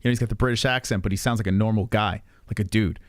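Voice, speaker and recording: A man's voice: fairly low pitch, fairly even intonation, racing, no echo, clean studio sound. A man streaming and reacting to videos in casual chat, blunt and swearing often as he talks to his viewers.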